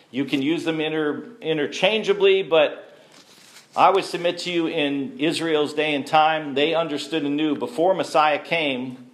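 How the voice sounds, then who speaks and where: A man teaching a sermon to a congregation, conversational and asking the listeners questions. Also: on the high side. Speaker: messianic teacher. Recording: echoey room.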